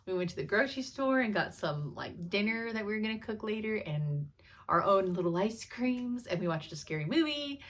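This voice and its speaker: A woman's voice: mid-range voice, animated, normal speed. A woman in her thirties chatting casually to her viewers as a cross-stitch vlogger, laughing often as she tells stories. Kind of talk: casual chat.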